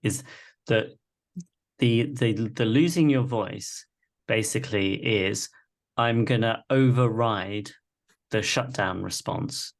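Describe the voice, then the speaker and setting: Low gravelly guy teaching a live class on a video call, keeps saying right?. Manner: reflective, repeats "right?" often. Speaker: workshop facilitator. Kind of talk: live online masterclass teaching.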